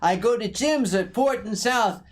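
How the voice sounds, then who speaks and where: A man hosting a tipsy, casual drinking stream, telling stories slowly and deliberately. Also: high voice. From Philadelphia. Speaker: host.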